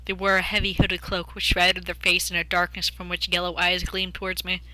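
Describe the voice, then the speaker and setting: A woman's voice: fairly low pitch, completely flat delivery, brisk, pushed and bright. A young woman streamer, reading a game's story aloud and breaking off for jokey, chatty asides. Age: young adult.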